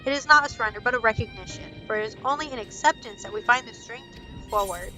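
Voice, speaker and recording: A woman reading a calm, wise village elder's lines aloud from a video game, measured and solemn. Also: high voice, faint music behind, full character voice, rough recording.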